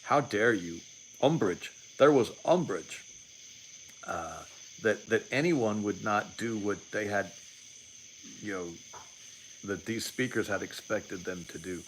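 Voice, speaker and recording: A livestream host in his late forties talks politics casually in a lowish, expressive voice, moving slowly with long pauses. He rambles and voices strong opinions, restarting sentences, repeating words, and making sarcastic asides, on a rough recording with slight background noise.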